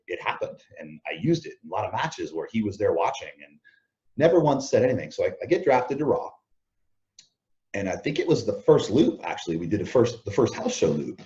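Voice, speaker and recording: Low guy with a mellow voice, chatty interview guest, dull lo-fi call audio. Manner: animated anecdotes, acts out quoted lines, chuckles often. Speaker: interview guest, former wrestler. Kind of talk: casual storytelling interview.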